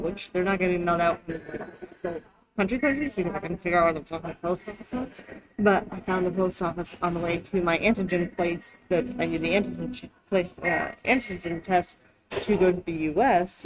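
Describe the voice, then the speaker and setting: A woman's voice: fairly low pitch, low-quality recording. A woman vlogger telling a long casual story, chatty and profane, full of fillers. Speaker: travel vlogger.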